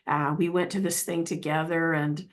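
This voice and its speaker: A woman's voice: sits low, fairly even intonation, normal speed. A middle-aged woman telling a personal story in a casual, earnest, rambling way, full of restarts and asides. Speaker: healing practitioner telling her story.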